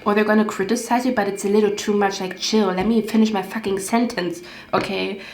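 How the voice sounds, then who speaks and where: A woman's voice: mid-range voice, steady tone, brisk. A woman giving a casual tarot reading, rambling and getting heated, swearing often. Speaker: tarot card reader. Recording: echoey room, faint background music.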